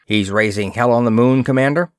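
An actor playing a gruff, grumbling ship signalman in a read-aloud pulp story. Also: medium pitch, brisk, dry recording, studio quality, close to an everyday voice.

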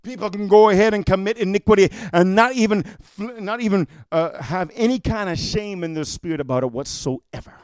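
A man preaching a fiery sermon, often shouting and calling "amen?" to his listeners. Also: sits high, fairly quick, hardly any pauses, smooth, dry recording.

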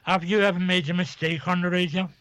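A man's voice: high voice, flat delivery, fast talker, fairly bright tone, clean tone, no echo. Man asking interview questions. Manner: brief prompts and questions.

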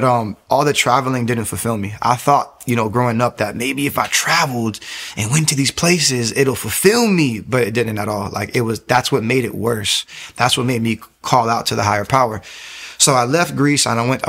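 A young former soldier gives a personal faith testimony, told casually as a story in a fast, emphatic rush. His mid-pitched, fairly bright voice keeps restarting sentences and leaps sharply upward in sudden bursts at key moments.

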